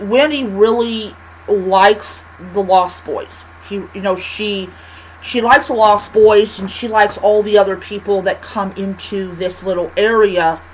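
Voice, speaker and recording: A woman's voice: mid-range voice, fairly bright tone, low-quality recording. Woman rambling casually about a book she liked, lots of restarts. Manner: rambling, chatty, with many restarts. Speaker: book reviewer. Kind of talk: casual book review vlog.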